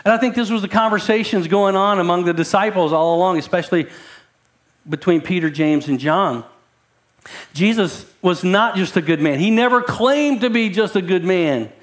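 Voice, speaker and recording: High-voiced man preaching a sermon. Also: moderate pace. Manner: conversational preaching, repeats words, rising emphasis. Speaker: pastor.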